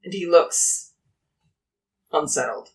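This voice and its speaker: A woman's voice: sits low, takes it slowly, darkish tone. A woman describing her character in a tabletop game. She sits a little back from the microphone, so her voice sounds slightly distant. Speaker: player. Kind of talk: casual tabletop game chat.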